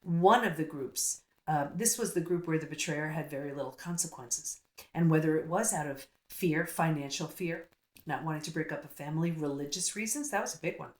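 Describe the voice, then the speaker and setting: A middle-aged woman, a psychologist guest, telling her story in an earnest, casual interview manner. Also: deep voice. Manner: earnest, storytelling, quick asides. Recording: roomy echo.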